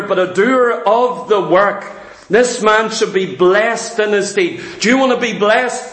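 A man with a Northern English accent preaching a sermon, fervent and quick, firing rhetorical questions at his listeners. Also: high-pitched, fairly bright tone, roomy sound.

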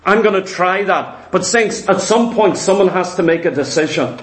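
Man, preacher, emphatic sermon, high-pitched voice, reverberant church hall. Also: normal speed. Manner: earnest, emphatic, addresses congregation as saints.

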